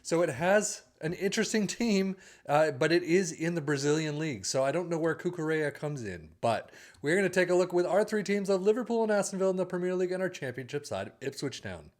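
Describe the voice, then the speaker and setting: A man's voice: fairly high pitch, animated, fairly quick, hardly any pauses. A man hosting a casual game review channel, chatty and upbeat as he reads through results and stats. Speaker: video game channel host.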